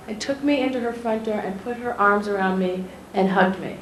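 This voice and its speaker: Woman, journalist, storytelling to schoolchildren, animated, classroom echo, faint background noise. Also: medium pitch, moderate pace. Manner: animated, asks the children questions directly. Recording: echoey room, faint ambient noise.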